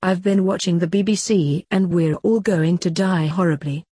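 Lady reading as a doom-laden little bear guy, mopey and moaning, low, dry sound. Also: fairly even intonation, moderate pace, warm tone, husky, no room sound. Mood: gloomy. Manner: mournful, moaning. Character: gloomy worried male teddy bear.

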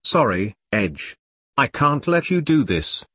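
A man doing a stern army captain, husky. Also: mid-range voice, very animated, slow, fairly bright tone, dry recording, clean studio sound, exaggerated voice. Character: gruff male army captain, stern but caring.

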